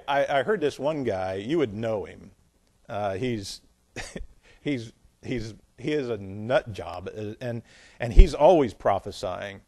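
A man's voice: mid-range voice, lively intonation, takes it slowly. A man preaching a sermon. He reads scripture aloud with emphasis and drops into blunt, scornful, plain-spoken asides. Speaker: pastor.

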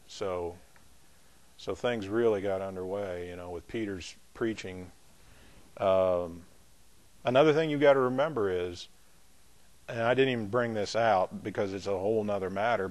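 A pastor with a fairly low, slightly mellow voice teaches a Bible class in a loose, conversational style. He restarts sentences and makes asides to his students, and he isn't from the American South.

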